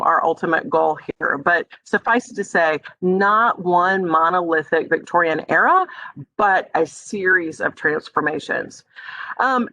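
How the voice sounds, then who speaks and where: Woman instructor, lecture over video call, chatty with frequent ums, bright lowish voice. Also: low-quality recording. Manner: conversational, many ums, addresses students as friends. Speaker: music history instructor. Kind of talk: online lecture.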